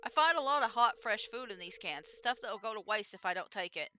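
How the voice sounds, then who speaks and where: A woman voicing a shy, defensive hermit man in a low, quiet tone, reading game dialogue aloud. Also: animated, a little fast, muffled recording, slight background noise.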